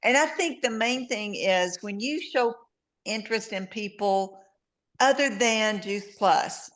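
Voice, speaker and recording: A woman's voice: mid-range voice, slow pace, a bit bright. A woman with a Southern drawl, chatting on a call about meeting people while out shopping. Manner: chatty storytelling, easy laughs. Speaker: guest distributor. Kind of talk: casual video-call chat.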